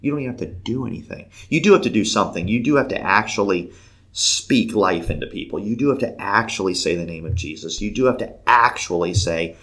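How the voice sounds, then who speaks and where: A man with a fairly low voice tells a story with a lot of swing in his pitch. He talks casually and slips into the voices of the people he describes. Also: animated, fairly quick, a bit bright. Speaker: podcast guest telling a story. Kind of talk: animated storytelling.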